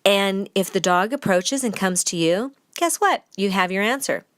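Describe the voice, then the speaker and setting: A woman's voice: moderate pace, dry recording. Brief: woman dog trainer for a podcast, chatty and blunt, playful teasing, dry close sound. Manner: animated, with lively shifts in pitch. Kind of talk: casual advice podcast monologue.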